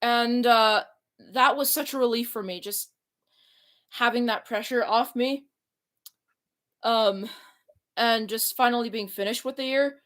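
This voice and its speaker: A woman's voice: fairly high pitch, a little slow, long pauses, fairly bright tone. A young woman talking casually as a YouTuber, rambling with many fillers and restarts into a computer mic. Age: young adult. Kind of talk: casual chat.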